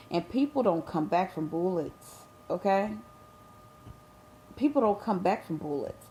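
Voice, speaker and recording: A woman tells a story straight to her viewers, her voice sitting somewhat low. She talks with fervor and a preachy edge, speaking to them directly. A faint hiss runs under the recording. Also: expressive, normal speed, dark tone. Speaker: vlogger. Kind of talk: emotional storytelling vlog.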